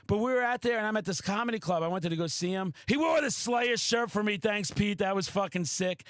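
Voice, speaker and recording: A man hosting a podcast, a loud, excitable storyteller who swears often in casual chat. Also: sits high, brisk, dry recording. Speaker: podcast host.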